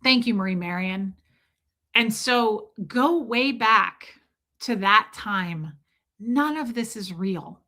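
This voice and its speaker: A woman's voice: medium pitch, expressive, slow pace, bright, forceful tone. A woman talking candidly on her livestream, confessional and emotional, rambling with restarts. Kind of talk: candid personal monologue.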